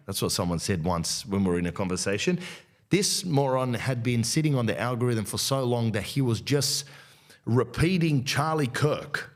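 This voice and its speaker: A man, a comedian and podcast host delivering a rambling, profane rant. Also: moderate pace. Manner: rambling, profane and provocative, with lively pitch swings.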